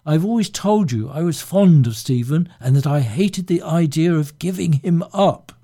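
A man reading the lines of a weary, sharp-tongued wife in an audiobook, with a flat, tired delivery. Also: fairly high pitch, normal speed, pitched above the performer's own voice. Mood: irritated.

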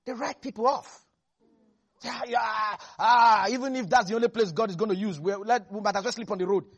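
A preacher gives an animated sermon, laughing often and acting out the quotes in the scripture. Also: mid-range voice, fairly quick, breathy edge.

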